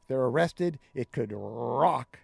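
A man's voice: medium pitch, expressive, takes it slowly, vocal fry, slightly rough, no room sound. A man co-hosting a casual talk show, reading news items aloud and adding his own blunt opinions. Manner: reads news items then riffs with opinions. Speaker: news segment co-host.

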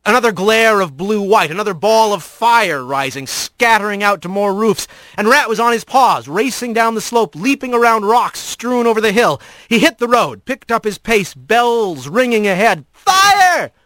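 Male narrator, high bright voice, dry close sound, lively storybook read. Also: moderate pace, hardly any pauses, no room sound. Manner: vivid, varied reading.

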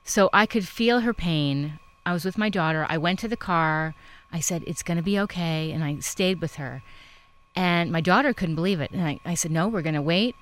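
A woman's voice: lowish voice, moderate pace. A woman interviewer chatting casually, telling a personal story with many affirming murmurs. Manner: warm conversational storyteller, frequent affirmations.

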